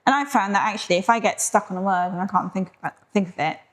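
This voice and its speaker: A woman's voice: mid-range voice, fast. A middle-aged British woman co-hosting a podcast, chatting and telling stories in a friendly way. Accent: British English. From Britain. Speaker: podcast co-host. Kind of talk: casual chat.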